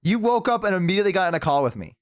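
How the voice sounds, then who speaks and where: A young man streaming and chatting casually with a friend on a call, excitable and swearing a lot, with sudden high-pitched outbursts. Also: rapid-fire, clean tone, no room sound, studio quality. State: has the hiccups.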